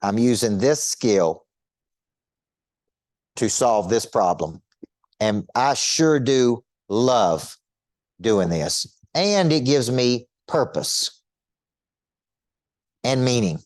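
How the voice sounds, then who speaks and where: A man's voice: medium pitch, sing-song, extremely slow, pauses often, no echo, clean studio sound. A middle-aged man coaching an audience in a motivational teaching talk, emphatic and repetitive, firing rhetorical questions at listeners.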